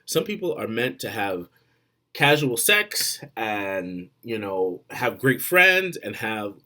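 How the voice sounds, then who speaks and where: A man giving blunt, profane relationship advice straight to the camera, swinging between loud and quiet. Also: on the low side, very animated, takes it slowly. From Florida. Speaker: vlogger.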